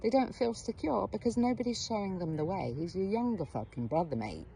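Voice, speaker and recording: Blunt middle-aged woman with a gravelly voice. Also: mid-range voice, animated, fairly quick, mellow, a little hiss or hum. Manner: blunt and frank, swears casually; direct address to the viewer with questions. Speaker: therapist and coach. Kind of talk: storytelling monologue to camera.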